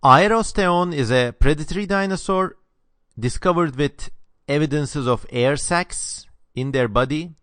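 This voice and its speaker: Man, Southeastern European accent, sharp sibilant consonants, opinionated, dry close sound. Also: fairly high pitch, unhurried, no room sound. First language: not English. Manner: opinionated, lively. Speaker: channel host answering viewer questions. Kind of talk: casual Q&A monologue.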